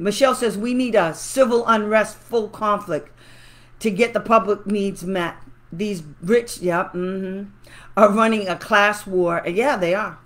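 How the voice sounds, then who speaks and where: A woman talking casually to her viewers, ranting indignantly and then pleading with them for help. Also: lowish voice. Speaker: special education advocate and YouTuber. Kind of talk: casual livestream talk to viewers.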